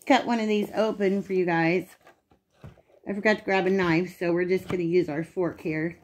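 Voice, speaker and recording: Chatty woman hosting a home cooking vlog. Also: medium pitch. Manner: chatty, homey, talks while eating. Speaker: cooking channel host. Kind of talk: casual cooking vlog talk.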